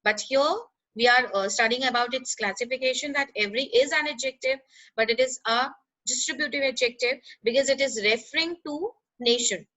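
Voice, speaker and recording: A woman explaining grammar in a lesson, pausing with "uh" and checking in with "right?". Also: high-pitched, pushed and bright, poor audio. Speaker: teacher.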